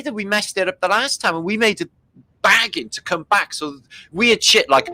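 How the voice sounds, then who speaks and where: A man's voice: high-pitched, lively intonation, normal speed, sharp tone, dry recording, rough recording. A man hosting a livestream, making sarcastic jokes and slipping into silly voices. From Britain. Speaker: livestream host. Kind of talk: casual mocking commentary.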